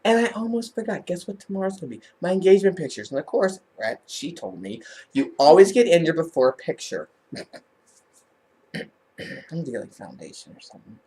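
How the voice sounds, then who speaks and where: Animated, lively-voiced woman vlogger. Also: fairly low pitch, fairly quick. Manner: animated, laughing storyteller. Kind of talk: casual storytelling to camera.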